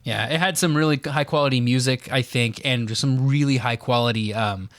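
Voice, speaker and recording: A man's voice: mid-range voice, normal speed, fairly bright tone, no echo. Man explaining game history, dry sound. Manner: explains at length with many fillers. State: has the hiccups. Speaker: podcast co-host. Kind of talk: casual chat.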